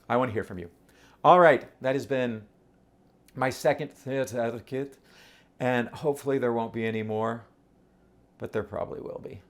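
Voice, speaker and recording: A man talking casually to camera, animated and rhetorical, often throwing questions at his audience. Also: mid-range voice, normal speed, pauses often. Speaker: vlogger.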